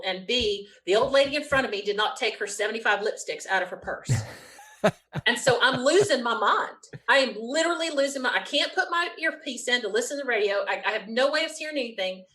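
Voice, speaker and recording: A woman, a guest telling an animated story with quick bursts and frequent laughter. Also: fairly high pitch, poor audio. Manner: lively, quick storyteller who laughs often. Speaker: interview guest.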